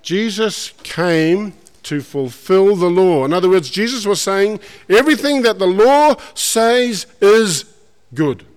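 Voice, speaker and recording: A man preaching a sermon, folksy and animated, putting questions to the congregation. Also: high-pitched, takes it slowly, smooth. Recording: long hall reverb.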